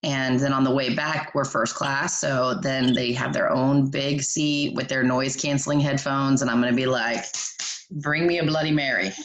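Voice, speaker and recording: Low-voiced woman in casual wine chat. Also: steady tone, moderate pace, dull audio. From United States. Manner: wry, teasing, reads wine labels aloud. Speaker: wine club co-host. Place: home, three friends chatting.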